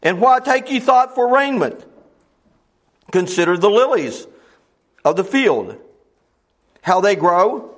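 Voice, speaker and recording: Preaching in a homespun style, this middle-aged man cites scripture in old-fashioned phrasing and moves between booming highs and soft murmurs. His delivery is slow and sing-song, broken by long pauses.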